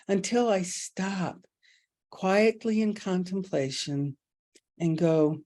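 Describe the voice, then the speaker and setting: A middle-aged woman leading an online spiritual group over a video call, talking in a folksy, expressive way and calling listeners "honey.". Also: fairly low pitch, slow. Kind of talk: casual spiritual talk.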